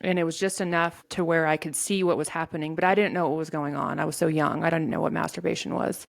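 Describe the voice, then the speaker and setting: A woman telling a painful personal story in an interview, in a halting way with many restarts. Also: sits low, steady tone, vocal fry. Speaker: guest sharing her story.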